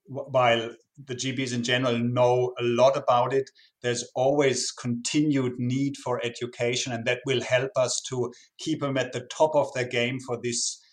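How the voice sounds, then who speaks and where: A man giving expert answers in a podcast interview, earnest and often repeating words as he starts a phrase. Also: medium pitch. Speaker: medical expert guest.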